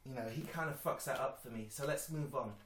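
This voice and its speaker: A man giving a casual, rambling reaction to a movie trailer, swearing often, with lots of fillers and sudden bursts of excitement. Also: medium pitch, brisk, slight background noise. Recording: roomy echo.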